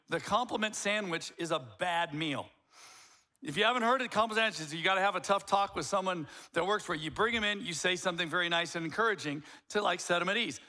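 A man's voice: sits high, sharp tone. A man in his fifties preaching a sermon as a pastor, blunt and emphatic, with wry jokes.

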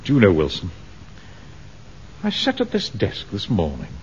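An actor playing a pompous, self-important middle-aged bank manager who also commands a platoon, in a 1970s radio sitcom. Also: male voice, on the low side, huge pitch swings, normal speed. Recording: dull old radio recording with faint hiss.

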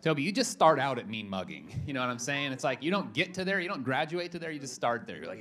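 A man's voice: medium pitch, big pitch swings, fast talker, hardly any pauses, fairly bright tone. A young adult man, a pastor, giving a casual, joking sermon in a church and telling a story with lots of restarts.

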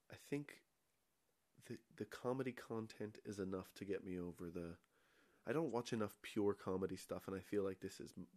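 A man guesting on a podcast in casual chat, rambling into absurd jokes with a deadpan delivery. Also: fairly low pitch.

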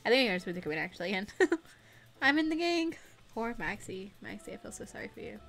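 A young woman chatting casually and giggling on a gaming livestream, excitable and quick to squeal. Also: medium pitch. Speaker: streamer. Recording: music playing faintly behind.

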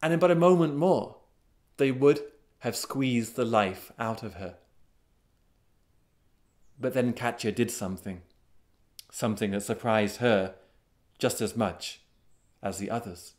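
A male storyteller with a mid-pitched voice tells a folk tale at a slow, deliberate pace. His telling is dramatic, and he swells with excitement at key moments. He lets pauses hang between phrases. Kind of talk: storytelling narration.

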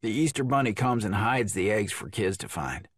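A man's voice: fairly low pitch, animated, normal speed, husky, no echo, clean studio sound. Man doing a patient, explaining husband. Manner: plain, explanatory.

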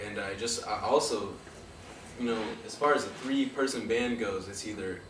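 Rambling interviewer in a noisy room. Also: male voice, lowish voice, normal speed, fairly bright tone. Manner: enthusiastic, rambling praise. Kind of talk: casual interview. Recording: echoey room from far off, with noise.

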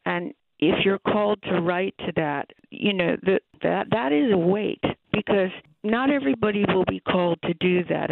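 A woman's voice: fairly low pitch, creaky, no echo. Earnest woman on a tinny phone line. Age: middle-aged. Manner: thoughtful, earnest, with restarts. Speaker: interview guest, songwriter. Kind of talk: conversational interview.

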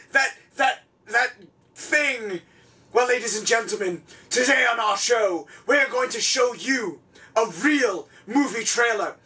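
A man hosting a comedic talk show in a theatrical, flustered, self-important manner, often shouting. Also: very high voice, recorded from a distance. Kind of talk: over-the-top comedic hosting.

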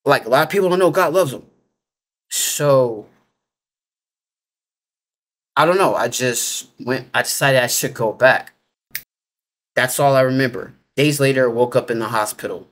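A man's voice: mid-range voice, measured pace, long pauses, a bit bright. A man telling his story in a loose, casual way, full of filler words and informal grammar. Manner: rambling, heavy use of filler 'like'. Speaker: interview guest.

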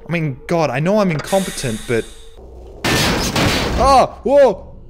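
A man's voice: fairly high pitch, animated, a little fast, noisy background. A man giving profane, joking commentary while playing a horror game, yelping when startled. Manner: profane, jokey, yelps in surprise. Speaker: let's play host. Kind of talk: gaming commentary.

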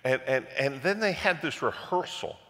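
A man preaching as a pastor, telling a story with repeated words and loud passionate peaks. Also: mid-range voice, expressive, normal speed. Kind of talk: sermon storytelling. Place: church sanctuary. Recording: echoey church hall.

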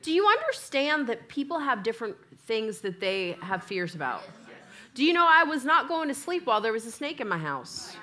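Lady preaching in church, kinda high voice, acts out the dialogue, lots of energy. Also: a little fast, few pauses. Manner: animated storytelling, acts out both sides of dialogue. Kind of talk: sermon with a funny personal story.

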